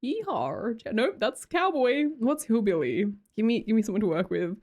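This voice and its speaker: A young Australian woman chatting casually on a livestream, bubbly and quick to laugh, answering chat as she goes. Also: a little high, big pitch swings, darkish tone. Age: young adult. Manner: bubbly, laughs often, reads chat aloud.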